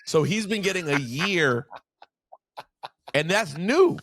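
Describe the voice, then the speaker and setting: A man's voice: sits high, expressive, slow pace, a bit bright, no room sound. A man co-hosting a podcast, chatting loosely and rambling with teasing asides. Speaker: podcast co-host. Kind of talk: casual chat. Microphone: studio podcast mic.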